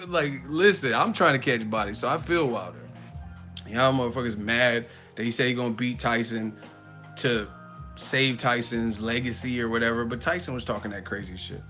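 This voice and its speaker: A man hosting a live boxing chat, animated and profane, often breaking into laughter. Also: medium pitch, normal speed, faint music behind. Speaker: boxing channel host. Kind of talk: live casual commentary.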